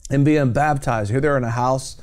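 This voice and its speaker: A man's voice: mid-range voice, moderate pace, a little mellow. A man hosting a Christian television program, talking about faith in a fervent, exhorting preacher's cadence. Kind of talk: evangelistic TV talk.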